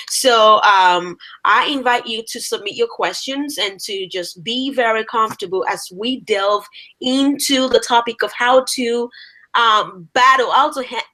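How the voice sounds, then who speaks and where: A woman's voice: mid-range voice, pushed and bright. A woman hosting a live show, introducing her guest and inviting questions from viewers. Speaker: host.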